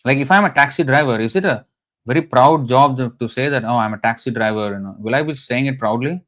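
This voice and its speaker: Man, mid-pitched voice, conversational scripture lecture, anecdotal, chatty, frequent fillers. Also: fast talker, fairly bright tone. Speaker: scripture class speaker.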